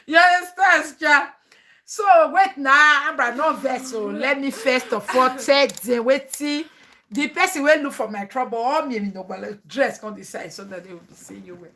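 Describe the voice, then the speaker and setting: Bright, animated Nigerian-accented mother. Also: high-pitched, normal speed, slight background noise. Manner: animated, laughs often, mixes English with pidgin. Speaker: mother and family vlogger. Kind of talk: chatty family vlog talk.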